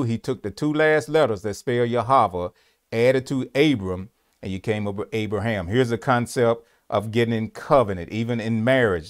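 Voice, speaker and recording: A man delivers a sermon-style teaching in an ordinary mid-range voice. He is emphatic and uses call-and-response questions, repeating his key words. His pitch lifts whenever he quotes scripture.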